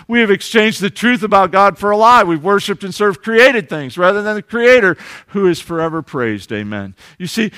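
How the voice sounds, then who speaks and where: High-voiced, earnest male preacher. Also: no echo, studio quality. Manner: earnest, swings from lively to hushed and tender. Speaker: pastor. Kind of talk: sermon.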